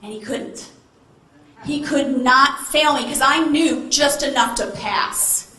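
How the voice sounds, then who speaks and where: A woman delivers a motivational keynote in a high, bright voice. She takes her time and tells her story theatrically, with playful asides to the audience. Her words echo through a large hall over a faint hum of ambience. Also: slow.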